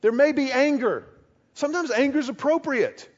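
A man preaching a sermon, lively and conversational, acting out short quoted exchanges as he goes. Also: very high voice, normal speed, muffled recording. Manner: animated, acts out little quoted exchanges. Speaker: pastor.

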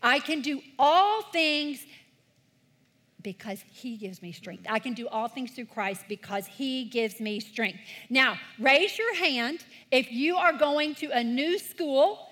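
This children's ministry leader has a high, fairly bright voice with lively intonation and a slow pace. Earnest and encouraging, she guides kids and parents at church through call-and-response scripture reading, asking the congregation to read aloud with her.

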